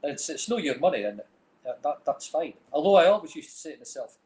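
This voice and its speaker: A film director and music manager from Scotland, middle-aged and Dundee-accented, chats casually as an interview guest, rambling through stories with plenty of "like, you know". His voice is a little high, expressive, fairly quick and a little mellow, and the room echoes.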